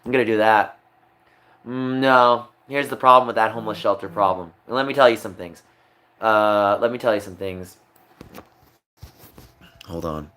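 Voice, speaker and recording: A man's voice: on the low side, normal speed, long pauses, bright, forceful tone. Agitated man ranting on stream. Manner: agitated, swings from muttering to raised voice. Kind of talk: emotional live stream rant.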